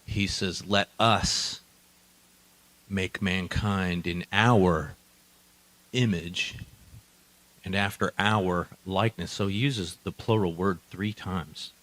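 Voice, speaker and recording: A man preaching a sermon, swinging between quiet asides and loud emphatic declarations. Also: low voice, steady tone, slow pace, pauses often, low-quality recording. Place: church hall.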